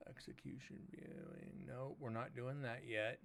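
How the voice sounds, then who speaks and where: A man hosting a paranormal livestream, chatting casually and rambling a little, with a loud voice that he says carries far. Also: mid-range voice, level tone, unhurried, gravelly. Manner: rambling, laid-back talk with fillers. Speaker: paranormal investigator host.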